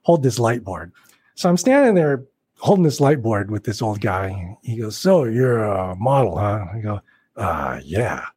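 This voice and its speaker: A man being interviewed as a guest actor, telling anecdotes in a casual, animated way and acting out the people he quotes. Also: fairly low pitch, moderate pace, breathy edge. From Portland, Oregon.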